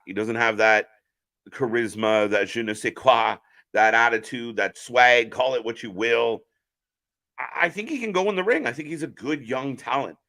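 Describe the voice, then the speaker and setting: Bright and forceful in a mid-range voice, this live stream host gives casual wrestling watch-along commentary. He calls the action as it happens and responds to viewer chat.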